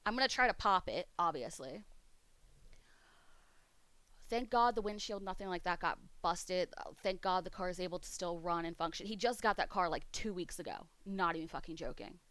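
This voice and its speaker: A woman's voice: lowish voice, moderate pace, a bit bright, no room sound. A woman streamer chatting casually, swearing freely as she rants. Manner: profane, ranting. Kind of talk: casual chat. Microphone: streaming mic.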